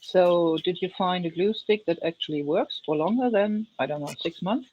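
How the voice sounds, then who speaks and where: A woman's voice: fairly low pitch, normal speed, warm tone, muffled recording, a little hiss or hum. A woman in her fifties, a guest on a crafting livestream, chatting casually in a hesitant way and often repeating words as she thinks. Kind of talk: casual chat.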